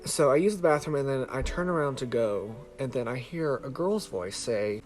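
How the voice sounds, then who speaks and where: A man's voice: medium pitch, animated, normal speed, a little mellow, faint music behind. A man vlogging to a camera held close, telling a story casually in a rambling way, swearing freely and filling with "like". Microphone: handheld camera close to face.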